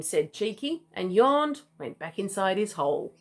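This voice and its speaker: A woman's voice: medium pitch, big pitch swings, a little slow. A mother reading a picture book aloud to her child, playful, with chatty asides.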